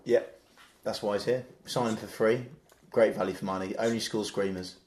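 Playful co-host in an echoey room. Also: male voice, fairly low pitch, fairly even intonation, normal speed, a little mellow. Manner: enthusiastic, playful. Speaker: podcast co-host. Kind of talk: casual football podcast chat.

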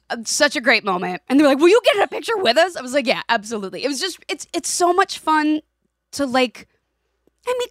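Podcast co-host, woman, 40s, lively storyteller, dry studio sound. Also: high voice, dry recording. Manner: animated storytelling with laughs and quoted voices. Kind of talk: casual chat.

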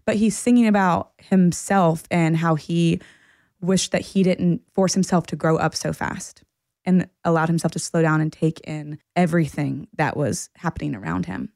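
A woman's voice: fairly low pitch, fairly even intonation, normal speed, creaky, darkish tone, no echo, studio quality. A woman co-hosting a podcast in casual chat, musing thoughtfully and easily. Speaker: podcast co-host.

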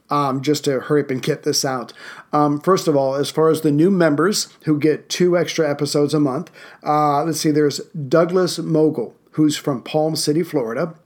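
A man hosting a history podcast, talking in an easygoing, measured way. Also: on the high side, darkish tone. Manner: easygoing, with many ums and uhs in the chatty parts. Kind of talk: podcast narration.

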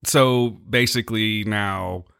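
A man's voice: fairly low pitch, slow, creaky, bright, forceful tone, clear, resonant tone, no echo, studio quality. A young man on co-host duty in a casual chat, laid-back and joking with crude humor. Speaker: podcast co-host.

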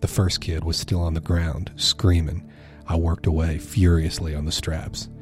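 A man's voice: deep voice, little pitch movement, measured pace, faint music behind. A man narrating a first-person horror story with tense, vivid storytelling.

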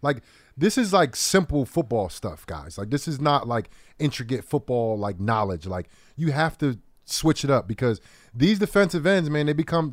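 A man's voice: mid-range voice, big pitch swings, normal speed, no echo, studio quality. A man who used to play football, talking casually on a sports talk show, often repeating phrases and saying "like.". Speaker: former football player co-host.

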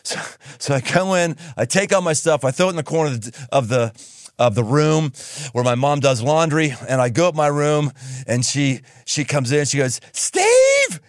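A male podcast host telling a funny story in a casual, animated way and laughing as he goes. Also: fairly high pitch, moderate pace, dry recording, clean studio sound.

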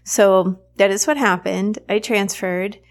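A woman's voice: medium pitch, slow pace. Candid woman telling a personal story. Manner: candid and animated, with frequent fillers. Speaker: podcast host.

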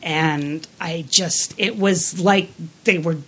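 A woman with a lowish voice chats casually on a podcast. She is blunt and animated, and often restarts her sentences. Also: slow. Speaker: podcast co-host. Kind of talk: casual review chat.

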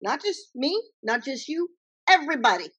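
A woman author talking as an interview guest, telling her story in an emphatic, animated way. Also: high-pitched, moderate pace. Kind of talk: conversational interview.

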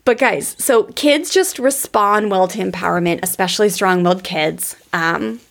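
Gravelly-voiced chatty woman podcaster. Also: medium pitch, normal speed. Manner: chatty, storytelling, addresses listeners as guys. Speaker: parenting educator. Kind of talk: podcast teaching monologue.

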